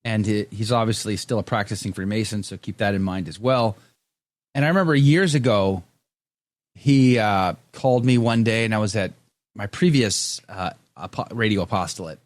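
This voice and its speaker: A man's voice: on the low side, normal speed, no room sound. Man hosting a casual live stream. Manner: candid, conversational, with frequent restarts. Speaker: host. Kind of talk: live-stream chat reading viewer comments.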